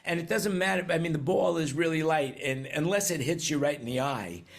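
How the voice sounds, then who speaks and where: An older man from New York hosts a loose chat about the news over a video call. His voice sits a little high, and he rambles, restarting his sentences as he goes. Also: brisk, creaky. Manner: rambling, chatty, with many restarts. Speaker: host. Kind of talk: casual panel chat on current events.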